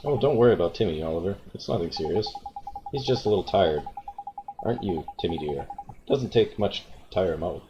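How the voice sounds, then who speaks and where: A man's voice: low voice, expressive, brisk, over music, voice pushed down. A fussing, doting older shopkeeper lady who calls everyone dearie, as a man puts her on. Her voice lilts up and down, and the recording is muffled and lo-fi. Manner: doting, fussy. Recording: dull lo-fi recording.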